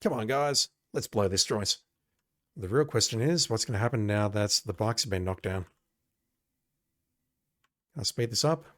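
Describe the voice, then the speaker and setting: A man's voice: on the low side, animated, moderate pace, pauses often. A man giving casual, wry, chatty commentary while playing through a retro game. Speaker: let's-play host.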